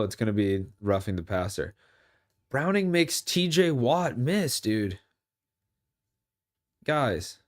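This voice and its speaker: A young male streamer with a slightly low, somewhat mellow voice rambles casually through football commentary. He jokes around and erupts whenever there's a big play.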